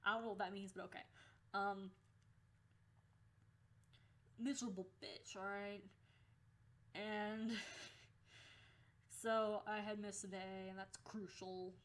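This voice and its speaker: A young woman in a casual storytelling vlog, with a voice that sits in an ordinary middle pitch. She talks candidly and swears freely, laughing her way through the tale. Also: flat delivery, takes it slowly, pauses often, fairly bright tone. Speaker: vlogger.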